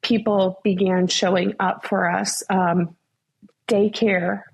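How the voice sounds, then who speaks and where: A woman's voice: medium pitch, level tone, slow pace, vocal fry, slightly rough. A young woman guest in a faith interview, telling her story earnestly with many fillers.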